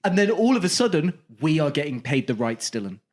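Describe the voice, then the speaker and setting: A man co-hosting a casual comedy podcast, pitching outlandish ideas with mock-salesman bravado. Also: very animated, fairly quick, a little mellow. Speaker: podcast co-host.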